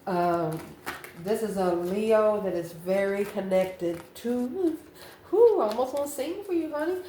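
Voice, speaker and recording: A woman's voice: mid-range voice, animated, unhurried, warm tone. Chatty woman reading tarot cards. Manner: chatty, calls listener honey, laughs between cards. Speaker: tarot reader. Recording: roomy echo, faint ambient noise.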